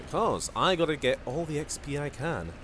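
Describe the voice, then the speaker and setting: A man's voice: fairly high pitch, expressive, moderate pace, background noise. A man with a Scottish accent, streaming a video game with rambling, jokey casual commentary. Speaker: gaming streamer.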